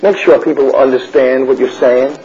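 A man's voice: medium pitch, steady tone, normal speed. A man teaching a Bible study as a sermon, bluntly asking questions and answering them himself. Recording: muffled recording with faint noise.

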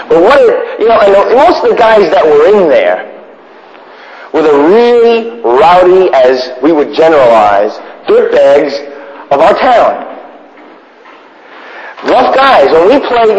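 A man telling wry, animated stories to an audience in a casual way. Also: high-pitched, slight background noise. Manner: animated, wry, acts out voices in his stories. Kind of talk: casual anecdotal storytelling to an audience. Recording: echoey hall, dull lo-fi sound.

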